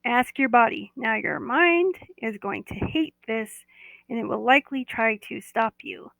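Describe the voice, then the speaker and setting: A woman with a slightly high, gravelly voice guides listeners through a body-awareness meditation, soothing and coaxing as she repeats her cues. The sound is close and dry, with no room around it. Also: expressive, measured pace, fairly bright tone, no room sound, rough recording.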